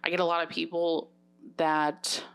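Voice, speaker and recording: Young woman podcast co-host, low voice, plain-spoken, casual chat. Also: flat delivery, measured pace, gravelly, fairly bright tone, smooth. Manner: frank, plain-spoken, gives direct advice.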